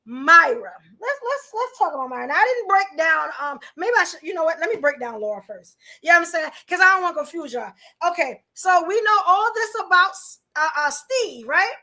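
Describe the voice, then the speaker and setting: A podcast host with a very high, sharp voice runs a livestream, chatting casually and speaking straight to the viewers in chat. She's full of rhetorical questions and fillers.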